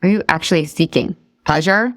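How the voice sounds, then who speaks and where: A woman's voice: on the low side, fairly quick, no room sound, clean studio sound. A woman in her thirties leading a live weight-loss coaching class, chatty and encouraging, firing questions at the group and laughing at herself when she drifts off topic.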